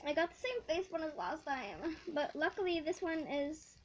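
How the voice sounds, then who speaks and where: A teenage girl unboxing a package for her vlog, excitable and giggly, gushing over each item in casual chat. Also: high voice, normal speed, very noisy. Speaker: vlogger.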